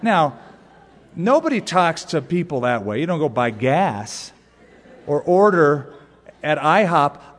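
A man preaching a sermon with a voice that sits a bit higher than most men's. He tells stories with animated delivery and sometimes mimics exaggerated prayer voices. The long reverb of a big church hall trails behind every phrase. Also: slow. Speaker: pastor.

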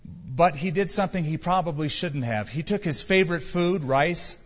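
A man's voice: fairly high pitch, normal speed. A male pastor preaching a sermon in a conversational storytelling way, asking rhetorical questions, in a church. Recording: reverberant church hall, dull sound.

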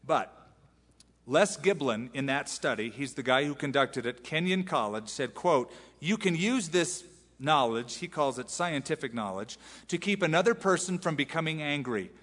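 A pastor preaching a sermon, animated, acting out the lines he quotes from scripture. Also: on the high side, normal speed, big-room sound.

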